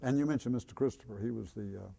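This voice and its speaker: An older man in an interview, recalling his school teachers in a halting way, with many fillers. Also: mid-range voice, creaky, warm tone. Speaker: interviewee, former student. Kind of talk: reminiscing interview.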